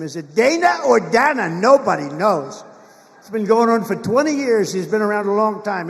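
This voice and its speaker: Man, fairly high voice, rambling mocking rally speech, long hall echo. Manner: boastful, mocking, repetitive asides to the crowd. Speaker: political candidate at a rally. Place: large rally venue.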